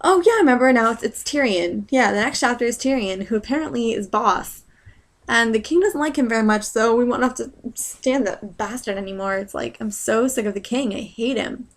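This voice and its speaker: A young woman with a voice on the high side talks a little fast, casually recapping a book chapter. It's a rambling, sarcastic chat full of fillers and side jokes.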